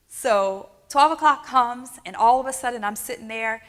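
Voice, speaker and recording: A woman from New Orleans giving a keynote talk as a dental practice coach. She tells an energetic story and keeps checking in with the audience with "right?" and "okay?". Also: on the high side, normal speed, few pauses. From New Orleans, USA. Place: large hall on stage. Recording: long hall reverb.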